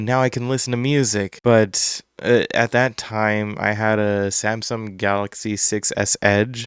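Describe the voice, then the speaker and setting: A man in his twenties with a low, even voice that stays flat as he rambles nostalgically through old memories. His tone is very clear and smooth, recorded close and dry with no room sound. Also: dry recording. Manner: rambling, nostalgic, self-correcting. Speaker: vlogger. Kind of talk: casual reminiscing monologue.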